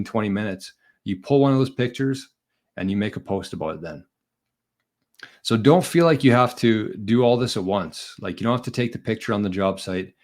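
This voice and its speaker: Man, podcast host, low voice, rambling, encouraging, conversational. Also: darkish tone. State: out of breath. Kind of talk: casual solo livestream advice.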